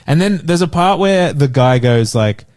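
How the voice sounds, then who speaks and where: A man's voice: on the high side, lively intonation, normal speed, a little mellow. A man co-hosting a comedy film podcast, retelling scenes in a rambling, amused way. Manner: rambling storyteller who acts out scenes and laughs. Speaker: podcast co-host. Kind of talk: casual comedic film review chat.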